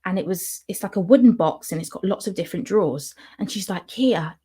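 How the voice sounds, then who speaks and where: A young woman vlogger talks at a quick pace in a mid-range voice with a breathy edge. She tells a personal story casually and with lots of animation, acting out the people she quotes.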